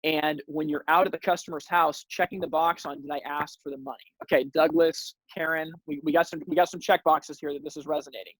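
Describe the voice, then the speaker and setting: Energetic man coaching on sales. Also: a little high, brisk, hardly any pauses, dry recording, low-quality recording. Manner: energetic coaching, repeats words when starting. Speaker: webinar host. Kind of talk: sales training webinar.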